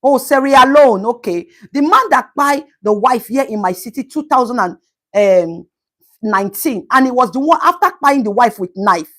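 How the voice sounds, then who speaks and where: During a casual live stream, a woman reacts to a news story with animated energy, her voice fairly high and her speed normal. She pauses to name-check viewers and throws in asides in Pidgin.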